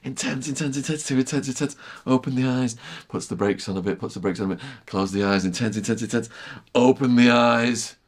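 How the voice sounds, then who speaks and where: A middle-aged man telling a vivid story as a podcast guest, repeating phrases and sinking to a hushed near-whisper at tense moments. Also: medium pitch, a little fast. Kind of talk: storytelling in casual chat.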